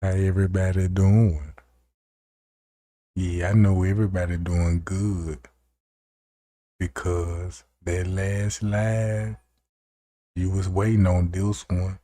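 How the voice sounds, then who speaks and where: A man's voice: deep voice, level tone, slow, pauses often, mellow, no room sound. A man hosting a live stream, talking to his viewers in a hyped, chatty way. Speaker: livestream host. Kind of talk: casual livestream commentary.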